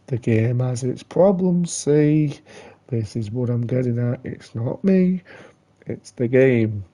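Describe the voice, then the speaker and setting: A man's voice: mid-range voice, animated, slow, mellow. Man ranting angrily over a game. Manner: angry ranting, heavy swearing, muttered curses. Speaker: gamer playing a platform game. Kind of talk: live gameplay commentary.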